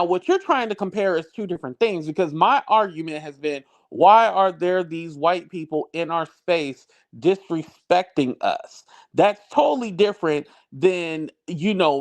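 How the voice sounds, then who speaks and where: Blunt, high-voiced man arguing heatedly. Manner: blunt, confrontational, repeats himself for emphasis. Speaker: livestream panel speaker. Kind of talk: heated argument on a livestream.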